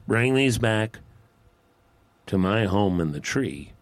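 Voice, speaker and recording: Brief: a wise old owl in a storybook tale, low, unhurried, instructive, played by a man. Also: lively intonation, dry recording. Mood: instructing. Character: wise old male owl, calm and patient.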